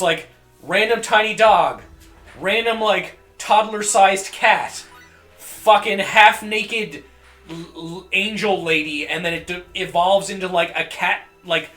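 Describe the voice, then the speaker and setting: High-pitched guy rambling and cussing over gameplay, bright tone, roomy echo, faint music. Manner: rambling, joking, profane, coughs and clears throat often. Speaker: streamer. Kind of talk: casual gameplay commentary.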